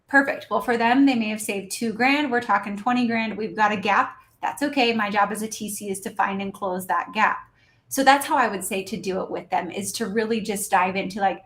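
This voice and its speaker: With a fairly bright, mid-range voice and a slightly quick delivery, a woman shares practical coaching guidance as a podcast guest. She's a dental practice consultant who talks animatedly and acts out lines between patients and staff.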